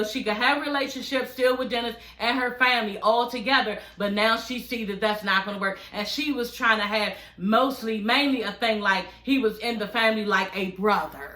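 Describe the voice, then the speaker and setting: A woman's voice: fairly high pitch, bright, forceful tone, reverberant. A woman hosting a casual vlog from her living room. She talks bluntly and profanely straight to her viewers, and acts out other people's lines as she retells them. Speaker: vlog host recapping a reality show. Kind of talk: casual chat.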